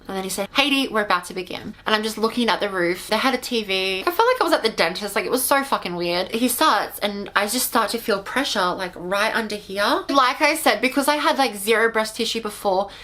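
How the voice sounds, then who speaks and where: An Australian woman telling a personal story to camera in a chatty, animated way, filling her speech with "like" and swearing freely. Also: mid-range voice. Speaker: vlogger. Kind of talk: casual storytime.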